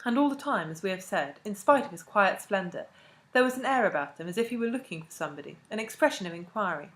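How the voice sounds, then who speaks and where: A woman narrating a classic novel as an audiobook, in a measured and expressive way. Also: medium pitch. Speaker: audiobook reader.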